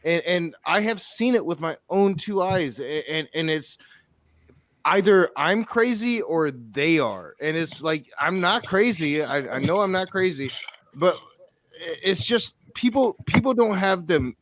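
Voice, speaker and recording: A man from Michigan in a casual chat, talking in halting restarts and ranting earnestly. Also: a little high, lively intonation, fairly bright tone, dry recording. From Michigan, United States.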